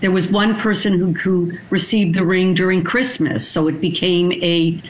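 A woman lawyer explaining the law in a brisk, matter-of-fact way as an interview guest. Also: lowish voice, fairly even intonation, reverberant, poor audio. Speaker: divorce lawyer. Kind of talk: expert interview.

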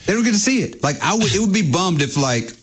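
A man's voice: high-pitched, big pitch swings, quick pace, slight background noise. Rambling, impatient male co-host. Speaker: radio co-host. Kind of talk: sports radio talk. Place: radio studio.

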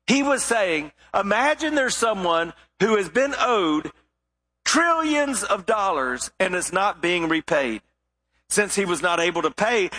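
A male pastor preaching with a high, bright, ringing voice. He tells the story with lively expression and now and then sinks into hushed, weighty emphasis. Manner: expressive storytelling delivery with sudden drops to quiet emphasis. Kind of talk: sermon.

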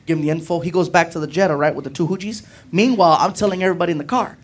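A man telling a story on a comedy club stage, animated, acting out his friends' voices. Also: a little high, racing, hardly any pauses. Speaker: stand-up comedian. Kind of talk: stand-up storytelling. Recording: noisy live club recording.

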